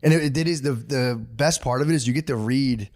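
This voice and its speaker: A man's voice: medium pitch, brisk. A man co-hosting a podcast in casual chat, loose and profane, often dropping into goofy quoted voices. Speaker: podcast co-host.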